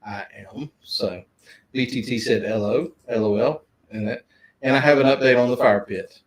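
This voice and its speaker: A man's voice: mid-range voice, moderate pace, poor audio. Chatty man hosting a livestream. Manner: chatty, greets viewers by name, laughs often. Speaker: livestream co-host. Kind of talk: casual livestream chat.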